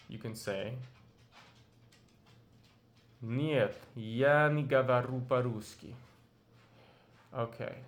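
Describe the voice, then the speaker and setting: A man leads an audio language lesson at an unhurried pace. He prompts the listener and repeats each phrase patiently. His voice sits at an ordinary middle pitch. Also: fairly bright tone. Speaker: language teacher.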